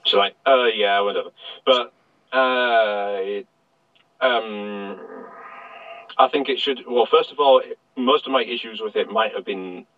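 A man on a casual podcast panel, rambling and halting but opinionated. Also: lowish voice, no room sound. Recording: dull, dry lo-fi mic.

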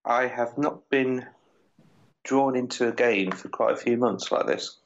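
A man's voice: medium pitch, unhurried, creaky. A man in casual podcast chat, enthusiastically describing a video game he has been playing. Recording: dull lo-fi audio.

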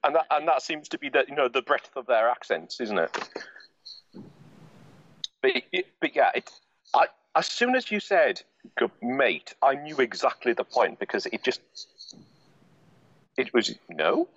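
A man's voice: mid-range voice, sing-song, unhurried, pauses often, fairly bright tone. A man hosting a podcast, chatting casually and rambling with lots of "you know" fillers. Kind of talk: casual chat. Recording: dull dry lo-fi audio.

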